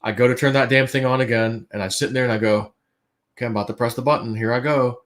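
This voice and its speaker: A man on a livestream telling a story casually, acting out his own quotes and swinging between hushed and loud. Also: medium pitch, fairly even intonation, fast talker. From United States.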